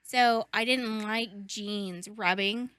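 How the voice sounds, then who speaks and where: Young woman, bright and chatty podcast co-host, emphatic, dry close sound. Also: mid-range voice, steady tone, slow, smooth, no echo. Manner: chatty, emphatic, swears casually. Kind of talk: casual chat.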